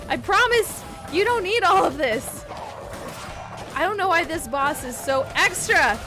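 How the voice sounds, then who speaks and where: A woman's voice: very high voice, unhurried. A woman streaming a game, chatting with viewers and yelping and swearing when things go wrong. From Canada. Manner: excitable, yelps and swears at the game. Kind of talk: live gameplay commentary. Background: game music.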